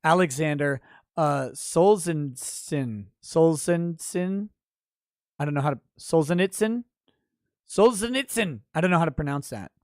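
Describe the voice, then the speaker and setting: A man hosting a livestream, reading chat and ranting in a profane, laughing way, with sudden loud bursts. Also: on the high side, animated, normal speed, no echo, studio quality.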